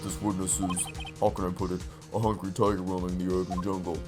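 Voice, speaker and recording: A man voicing a brooding, smug masked male prosecutor who speaks low, slow and quiet. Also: level tone, music in the background, lightly acted. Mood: cool.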